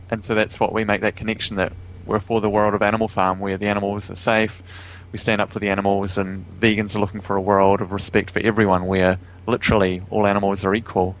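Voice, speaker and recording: Chuckling frequently, an easygoing vegan activist from New Zealand chats as a guest in a remote-call interview. His fairly low voice has a slightly bright tone, and the rough audio carries a bit of hiss or hum.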